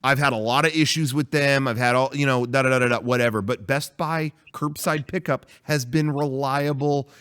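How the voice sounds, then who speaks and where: A man's voice: medium pitch, fairly even intonation, moderate pace, few pauses, fairly bright tone, clean tone. A man co-hosting a casual podcast, telling a rambling story with frequent swearing. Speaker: podcast co-host.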